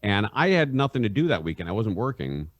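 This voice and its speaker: A middle-aged man, a radio host and podcast guest, telling rambling stories in a halting way and laughing through them. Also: on the low side, big pitch swings, no room sound. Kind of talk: casual anecdote telling.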